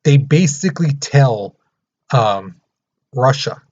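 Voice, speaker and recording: A man teaching a history lesson in a casual, animated storytelling way. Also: mid-range voice, unhurried, husky. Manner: animated, storytelling, acting out the countries. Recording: muffled lo-fi recording.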